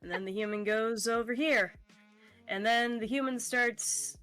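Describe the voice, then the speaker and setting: A woman narrating a tabletop game as game master, talking in a relaxed way with fillers and laughs. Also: a little high, unhurried, soft background music.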